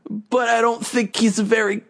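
A man's voice: extremely high pitch, little pitch movement, unhurried, vocal fry, fairly bright tone. A man co-hosting a casual podcast, talking in a sarcastic, rambling way. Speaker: podcast co-host. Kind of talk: casual wrestling chat.

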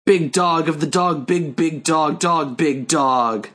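A man putting on a low, swaggering big dog mascot voice, slow and growly. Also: a bit bright, husky, heavily acted.

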